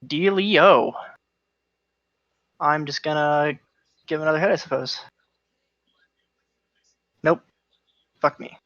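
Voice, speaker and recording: A man at a tabletop game tosses off wry remarks in a somewhat high voice. The sound is dull and lo-fi, and dry. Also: slow pace, pauses often, fairly bright tone, dry recording. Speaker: player.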